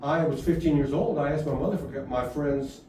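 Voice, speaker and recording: A man's voice: a little high, a little fast, dark tone. Older man telling stories. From Houston, Texas. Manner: rambling, laughs often. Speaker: guest musician. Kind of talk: storytelling in conversation. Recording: echoey room, far from mic, faint noise.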